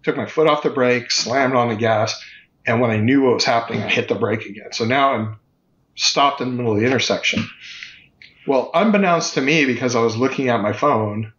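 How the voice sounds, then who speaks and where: A man in his fifties spins a personal story for a podcast, piling on vivid details and often restarting mid-phrase. His voice sits at an ordinary middle pitch. The audio is slightly dull and muffled. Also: fairly quick, a bit bright. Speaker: podcast guest.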